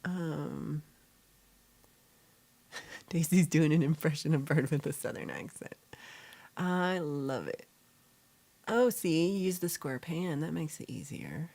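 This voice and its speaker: Slowly and with long pauses, a woman with a low, creaky, darkish voice hosts a casual livestream, expressive as she reads out viewers' comments and answers them. She rambles, using fillers and correcting herself.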